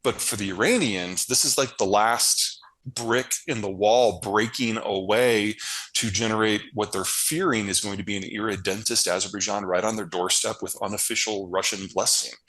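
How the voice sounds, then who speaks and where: A man's voice: fairly low pitch, steady tone, moderate pace, fairly bright tone, rough recording. A man answering interview questions in a blunt, casual way, hammering points home by repeating phrases. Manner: blunt, emphatic, stacks repeated phrases for stress. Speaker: guest analyst.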